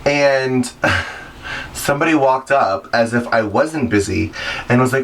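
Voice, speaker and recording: A man's voice: mid-range voice, normal speed, a bit bright, far from the mic, a little hiss or hum. A man who performs in drag, giving advice in a vlog and telling stories with sassy asides. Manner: chatty storytelling, sassy asides. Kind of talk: advice vlog talking to camera.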